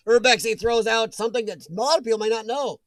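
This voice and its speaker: Reading out comments from his viewers, a man runs a relaxed livestream chat filled with jokes and frequent laughter. His voice is very high-pitched and a bit bright, recorded without echo.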